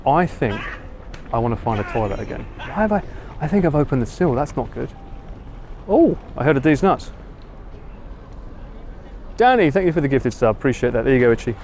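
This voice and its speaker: A man with an Essex accent talks casually to his live-stream viewers from a city street, answering their comments as he goes. His voice sits at an ordinary middle pitch, with faint street and traffic noise behind him. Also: sing-song, a little fast, pauses often, a little mellow. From England. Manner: chatty, reads and answers viewer comments while walking. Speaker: livestream host.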